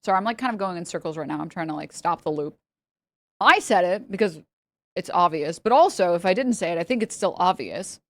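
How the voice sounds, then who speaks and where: A woman's voice: lowish voice, expressive, brisk, fairly bright tone, no room sound. A young woman streaming and reacting to videos in casual chat, rambling and interrupting herself and laughing often.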